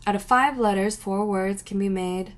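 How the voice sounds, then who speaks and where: A young woman answering viewer questions at home, rambling and giggly, often trailing off into soft whispers. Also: mid-range voice, normal speed. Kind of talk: casual solo Q&A chat. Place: at home by a window.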